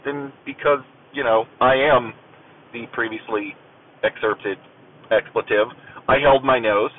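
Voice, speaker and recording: A man casually telling a long personal story in a rambling, profane, self-deprecating way, with lots of fillers. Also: medium pitch. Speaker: storyteller recounting Navy boot camp. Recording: tinny phone-like audio with faint noise.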